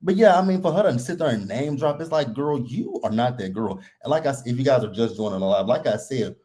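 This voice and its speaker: A man's voice: mid-range voice, fairly quick. A man hosting a live reality TV recap, talking casually and bluntly and laughing a lot. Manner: blunt, animated and laughing often.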